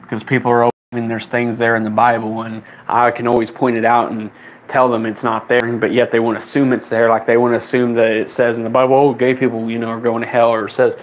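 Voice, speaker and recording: A man's voice: medium pitch, level tone, fast talker, rough recording. A man on a live stream with a casual, profane rant. He talks in an exasperated way, repeating himself and starting his sentences over. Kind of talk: casual ranting monologue.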